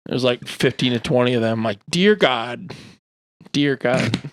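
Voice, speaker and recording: A man co-hosting a casual podcast, tossing in short deadpan quips. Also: mid-range voice, unhurried, no echo. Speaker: podcast co-host. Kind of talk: casual chat.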